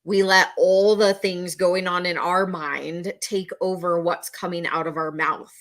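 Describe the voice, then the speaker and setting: A middle-aged woman gives a talk to the camera as a mental health educator. Her voice is bright and somewhat low-pitched. She speaks earnestly, leans on repetition, and now and then slips into a panicky voice to make a point. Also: level tone, a little slow. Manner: earnest, repeats key phrases, acts out panicked voices.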